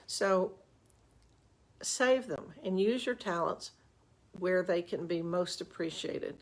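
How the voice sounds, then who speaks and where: A woman's voice: medium pitch, creaky. An older woman, a relationship coach, giving chatty, folksy advice on a live stream with self-mocking asides, into a webcam.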